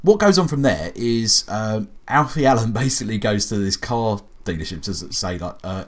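A man, casually retelling a film's plot to a co-host, animated, laughing often and swearing freely. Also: lowish voice, moderate pace, hardly any pauses. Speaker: podcast co-host reviewing a film. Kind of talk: casual chat.

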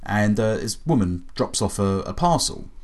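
Guy chatting about a movie, bit low-pitched, lots of swearing and laughing. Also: normal speed. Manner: animated storyteller, swears freely, laughs often. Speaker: podcast co-host reviewing a film. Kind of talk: casual chat.

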